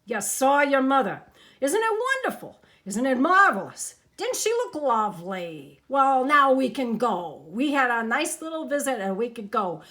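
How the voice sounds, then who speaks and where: A woman's voice: sits high, sing-song, unhurried, a bit bright, heavily acted. Lady putting on a singsongy showman guy, over the top and wheedling, bouncy swoopy voice. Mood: gushing. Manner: sing-song, theatrical. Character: flamboyant, fast-talking male showman, wheedling.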